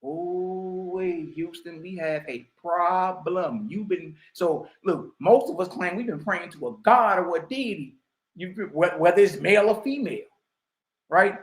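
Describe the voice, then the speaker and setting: A man's voice: high-pitched, animated, unhurried, roomy sound, poor audio. A man teaching spirituality in an emphatic preaching style, full of slang and asides to his listeners. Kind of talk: preaching commentary.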